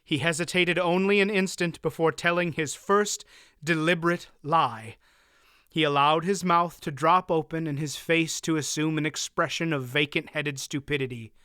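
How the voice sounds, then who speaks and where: A man narrating a fantasy audiobook in a measured, even way. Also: fairly high pitch, smooth, dry recording, clean studio sound. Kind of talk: scripted narration.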